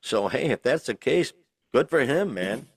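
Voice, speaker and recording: A man's voice: medium pitch, animated, unhurried, gravelly, breathy edge, dry recording. A tipsy man co-hosting a podcast, talking loosely and rambling with frequent laughs. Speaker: podcast co-host. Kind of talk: casual chat.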